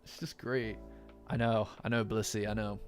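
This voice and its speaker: A man hosting a casual chat about an anime episode. He talks in an excitable way, laughs often, and keeps repeating and restarting his words. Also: fairly low pitch, normal speed. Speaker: anime reaction host. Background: faint background music.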